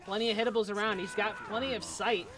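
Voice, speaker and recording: A man casting a live esports match with play-by-play commentary, getting excitable as fights build. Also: fast talker, a crowd in the background. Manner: excitable, builds in pitch and volume during fights. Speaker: esports caster.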